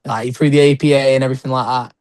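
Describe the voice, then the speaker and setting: A man's voice: mid-range voice, flat delivery, a little mellow, no room sound. A young British man, a wrestler, chatting casually in an interview, rambling with lots of "like" and short laughs. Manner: rambling, heavy use of "like", quick laughs. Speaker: guest wrestler.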